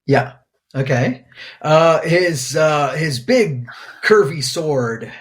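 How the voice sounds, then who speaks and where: A man's voice: on the high side, lively intonation, very slow. Rambling laid-back male podcast co-host. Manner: rambling, many fillers, laughs easily. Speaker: podcast co-host, pediatric infectious disease doctor. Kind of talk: casual podcast banter.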